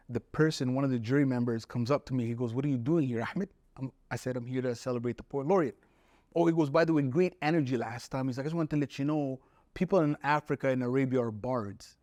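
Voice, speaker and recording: Man, poet guest, mid pitch, earnest reflective storytelling, dry close sound. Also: no room sound. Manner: relaxed and earnest, recounts events by voicing others' words.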